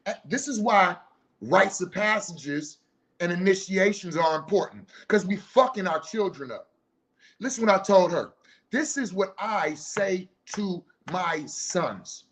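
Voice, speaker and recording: A fairly high-voiced middle-aged man hosting a casual talk show, holding forth bluntly with lots of swearing. He lectures like a preacher and drops into stories from his own household. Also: a bit bright. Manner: blunt, profane, preachy, storytelling. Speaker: podcast host. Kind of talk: casual monologue, commentary.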